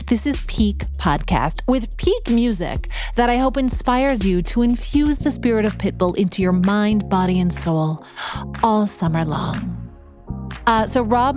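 A woman hosting a podcast in a playful, bubbly, joking way. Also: fairly high pitch. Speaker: podcast host. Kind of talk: casual podcast chat.

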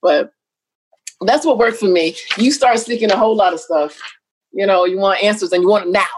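A middle-aged woman talking casually as an interview guest, animated and quick to act out what others said. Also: mid-range voice, slight background noise. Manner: animated, jumps between quoted voices and laughs.

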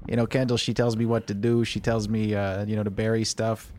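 A man's voice: on the low side, flat delivery, a little mellow, lightly acted. A man putting on a Chicago accent, playing a dim, obedient boyfriend who halts on "uh" and "you know". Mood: deadpan. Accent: Chicago put on. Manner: halting, full of uh and you know.

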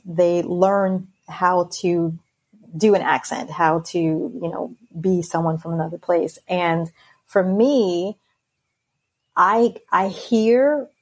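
A woman hosts a podcast conversation, with a breathy, slightly husky voice. She talks in an easy, lively way and laughs often with her guest. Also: on the low side. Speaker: podcast host. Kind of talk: casual interview chat.

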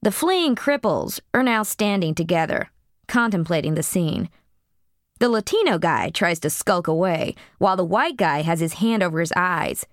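A woman's voice: fairly low pitch, dry recording, clean studio sound. A woman narrating an audiobook in a blunt, profane first-person voice.

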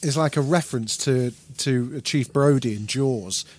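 Male podcast co-host, casual and animated, fond of cursing. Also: mid-range voice, unhurried. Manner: enthusiastic, swears freely, acts out quotes. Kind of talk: casual chat.

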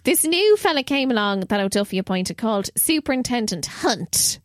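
A young Irish woman telling a story in a chatty, animated way, swearing freely as host of a podcast. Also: a little high, normal speed, dry recording, clean studio sound. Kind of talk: casual storytelling.

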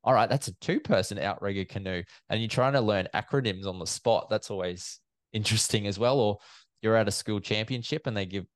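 A fairly low-pitched man speaks a little fast on a dry recording. He's an event MC and commentator, animatedly recounting stories in a casual interview and playing out the quoted exchanges.

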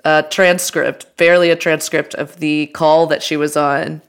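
A woman's voice: low-pitched, fairly even intonation, unhurried, clean tone. A woman co-hosting a podcast, chatting casually with lots of fillers and restarts. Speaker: podcast co-host. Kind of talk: casual chat.

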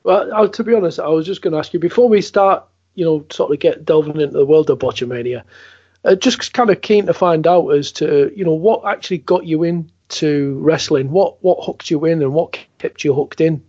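A man hosts a casual podcast interview, stumbling and repeating himself as he sets up questions. His voice sits fairly high. The audio is slightly muffled. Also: fairly quick, a little mellow, breathy edge. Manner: stammering, repeats words while asking questions. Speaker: podcast host.

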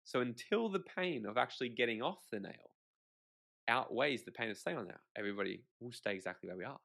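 A man, a podcast guest, telling stories in a lively conversational way, swearing casually and acting out quotes. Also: mid-range voice, fast, gravelly. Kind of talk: animated conversational storytelling.

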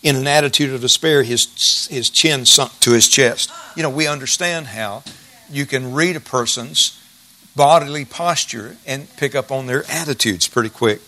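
A man's voice: medium pitch, moderate pace, sharp tone. A middle-aged male pastor preaching a sermon in a folksy, emphatic way, repeating key phrases.

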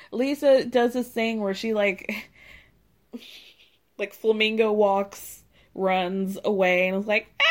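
A woman's voice: on the high side, a little mellow. A woman hosting a casual recap, talking in a sarcastic, gossipy way with frequent laughs and whoops. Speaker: podcast host recapping a reality show.

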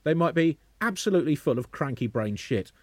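Pompous, fast-talking man, mock-essay. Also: fairly high pitch, no room sound. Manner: pompous, wordy, deadpan. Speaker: guest comedian. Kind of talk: mock-serious comic essay.

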